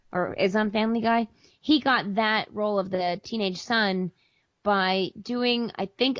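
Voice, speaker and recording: In a casual interview, this American voice actor guest rambles, restarting often and leaning on fillers. She has a mid-range voice, captured in a dry, close, dull lo-fi recording.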